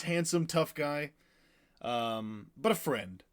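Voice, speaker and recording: Rambling man recapping a book. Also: fairly high pitch. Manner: rambling and animated, full of "like" and quick acted-out quotes. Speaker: podcast co-host recapping a book. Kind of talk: casual chat.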